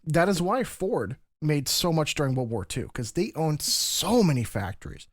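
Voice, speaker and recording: A man's voice: a little high, big pitch swings, moderate pace, dry recording, studio quality. A man co-hosting a podcast, explaining history in long, rambling stretches with frequent restarts. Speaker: podcast co-host. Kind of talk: casual podcast discussion.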